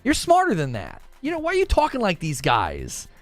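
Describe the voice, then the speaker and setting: A man runs a casual gaming livestream and argues his case to chat with lots of energy, his pitch swinging up and down as he restarts sentences. His voice sits a little high for a man. Soft music plays faintly behind him. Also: normal speed, no room sound. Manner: animated, argumentative, restarts mid-sentence. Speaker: gaming commentator and show host.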